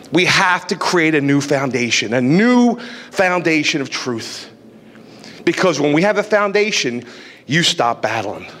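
A man's voice: sits high, fairly bright tone. A man preaching a sermon, switching into quoted inner voices to make his point. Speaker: pastor. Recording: long hall reverb.

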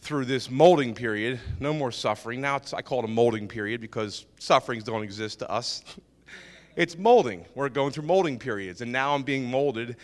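A man's voice: mid-range voice, normal speed, big-room sound. A man sharing a church testimony about his business, telling it informally and acting out what people said, with many repeats and restarts. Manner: lively, acts out dialogue, repeats and restarts. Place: ministry meeting hall.

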